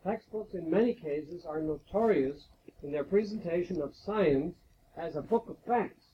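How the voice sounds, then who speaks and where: A man giving a measured, explanatory lecture-style talk at a faculty retreat, posing rhetorical questions as he goes. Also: high-pitched, a little hiss or hum. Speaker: guest speaker at a faculty retreat devotion. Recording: dull lo-fi 1980s tape recording.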